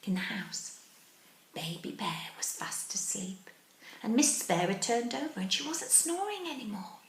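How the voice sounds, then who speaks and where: A woman teacher reading a picture book aloud to young children, animated, asking them questions and dropping into whispers. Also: on the high side, moderate pace, a little hiss or hum. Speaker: early-years teacher. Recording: roomy echo.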